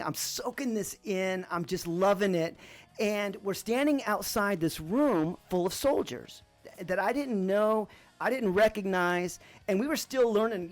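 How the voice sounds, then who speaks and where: A man from Arizona hosting a podcast, telling a personal story in a relaxed, rambling way with lots of fillers. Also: high-pitched. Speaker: podcast host.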